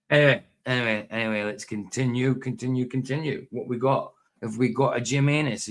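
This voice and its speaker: Rambling, playful man hosting a stream. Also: fairly low pitch. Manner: rambling, playful, laughs often. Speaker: livestream host. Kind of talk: casual live stream chat.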